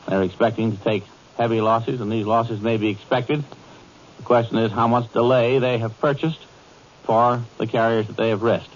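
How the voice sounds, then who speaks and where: A man giving a deliberate, analytical commentary on the war situation on 1940s radio. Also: mid-range voice. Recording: muffled 1940s radio with faint hiss.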